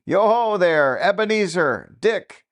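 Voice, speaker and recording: A man reading aloud and voicing a jovial, fat old merchant with a rich, oily, comfortable voice, calling out loudly and heartily. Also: high voice, lively intonation, slow, pitched above the performer's own voice, exaggerated voice. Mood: hearty. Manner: loud, hearty, calling out cheerfully.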